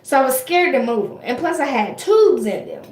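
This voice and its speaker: A young woman with a fairly high voice tells a personal story to her viewers. She talks casually, full of fillers and restarts, and the room around her is echoey. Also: sing-song, normal speed. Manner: chatty, frequent fillers and restarts. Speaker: vlogger.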